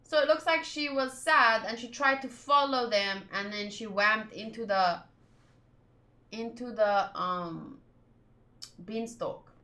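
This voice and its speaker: Woman host, manga read-along, chatty reactions, high pitch, slow pace. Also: sharp tone. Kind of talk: casual reading commentary.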